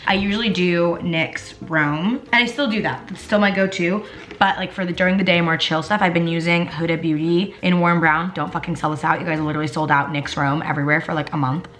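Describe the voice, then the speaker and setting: Fast-talking young woman in an echoey room. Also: low-pitched, fairly bright tone. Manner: rambling, filler-heavy, swears freely. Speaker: beauty vlogger. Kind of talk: casual chat while doing makeup. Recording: roomy echo.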